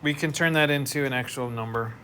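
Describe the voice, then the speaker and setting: A man's voice: medium pitch, fairly quick. Male math teacher, mid-range voice, patient step-by-step lecturing, classroom noise audible. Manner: explains step by step, asks the class questions. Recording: noisy classroom recording.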